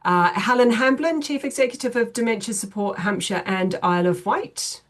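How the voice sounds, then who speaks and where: A middle-aged woman, a chief executive hosting an online webinar at a measured pace, with frequent ums and uhs. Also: fairly high pitch. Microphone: video call.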